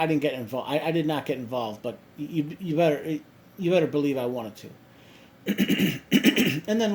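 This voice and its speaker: A man telling a story casually to his viewers, halting with many restarts and fillers. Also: on the high side, a little hiss or hum. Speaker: vlogger.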